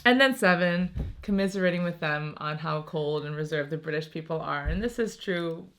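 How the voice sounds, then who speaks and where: A woman's voice: low voice, moderate pace, a bit bright. An American woman in her thirties chatting casually on a vlog, laughing often between thoughts. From United States. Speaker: vlogger. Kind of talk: casual chat.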